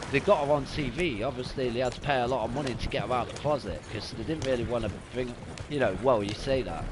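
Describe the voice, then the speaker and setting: A young man chatting casually and rambling while live-streaming a video game, laughing and swearing freely. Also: medium pitch. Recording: noisy gameplay audio behind.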